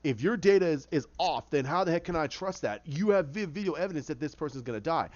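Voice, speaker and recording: A man's voice: on the high side, animated, quick pace, darkish tone, no echo, lightly acted. Man doing a curt official delivering bad news, dull audio. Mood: firm. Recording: dull lo-fi recording.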